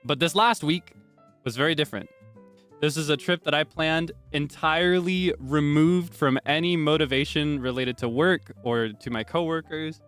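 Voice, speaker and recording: A man chatting casually on a livestream, playful and repeating himself in quick bursts. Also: fairly high pitch, fairly bright tone, clean tone, faint music behind. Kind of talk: casual stream chat.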